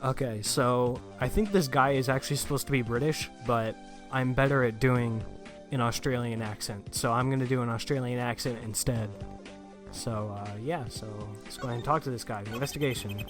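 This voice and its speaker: A man's voice: medium pitch, fairly even intonation, moderate pace, soft background music. Young man, let's play host, casual asides, game commentary.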